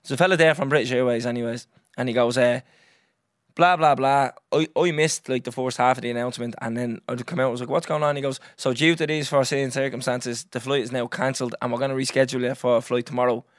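A young Irish man hosting a podcast, telling a story in a lively, swearing, casual way and acting out what others said. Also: mid-range voice, fast talker, no echo, clean studio sound. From Ireland. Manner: animated, swears freely, acts out others' lines. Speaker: podcast host.

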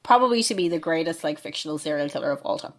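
A woman's voice: low-pitched, expressive, rapid-fire. A woman hosting a casual chat, reading out listener questions, chatty and laughing often, swearing freely.

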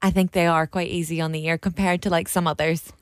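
A woman with a Northern Irish accent co-hosting a podcast in casual chat, gushing and quick to laugh. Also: on the low side, level tone, dry recording, studio quality. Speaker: podcast co-host.

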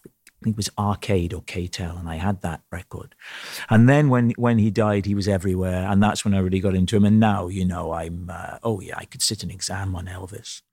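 A Welsh man in his fifties chats as a guest on an interview show, animated and quick to break into impressions. His low voice carries a little gravel. It is recorded close in a dry studio. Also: dry recording. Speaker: guest comedian. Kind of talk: casual conversation.

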